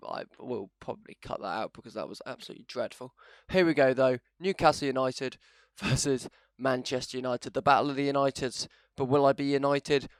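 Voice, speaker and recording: A man hosting a gaming channel, commentating his video game in a chatty, self-mocking way that swings into loud excitement. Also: medium pitch, no room sound, studio quality. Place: home setup, no camera.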